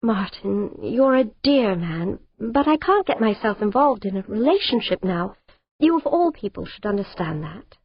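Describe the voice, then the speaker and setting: A woman's voice: mid-range voice, big pitch swings, normal speed, lo-fi sound, a little hiss or hum. A woman voicing a tearful, pleading young woman. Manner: pleading, tearful, breaking off mid-sentence. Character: distressed young woman refusing a suitor.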